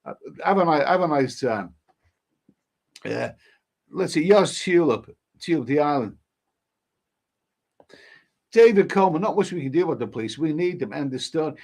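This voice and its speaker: A man chats loosely on a live stream, answering viewer comments as they come in. He rambles, restarts his sentences and repeats himself, keeping it casual and unhurried. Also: on the high side, a little mellow, husky. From England. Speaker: livestream host reading viewer comments.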